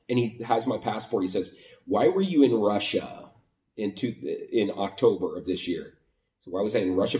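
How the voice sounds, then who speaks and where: A man's voice: fairly low pitch, echoey room, recorded from a distance. American man telling a travel story. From United States. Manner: animated retelling, acting out both sides of conversations. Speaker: vlogger. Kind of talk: casual storytelling monologue.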